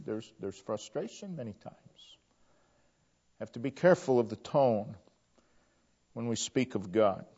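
A male preacher delivers a sermon at an unhurried pace, earnest and prone to repeating his phrases. His voice sits at an ordinary pitch. The recording sounds muffled and lo-fi. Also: mellow. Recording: dull lo-fi recording.

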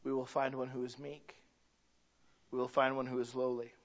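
A man's voice: mid-range voice, flat delivery, moderate pace, lo-fi sound. A man preaching a sermon in a conversational way, asking the congregation questions and acting out little quoted voices. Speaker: pastor.

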